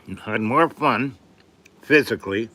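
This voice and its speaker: A man's voice: medium pitch, measured pace, bright, forceful tone. Older man rambling through stories. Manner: rambling, frequently clears throat and coughs. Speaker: live stream host. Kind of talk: rambling storytelling.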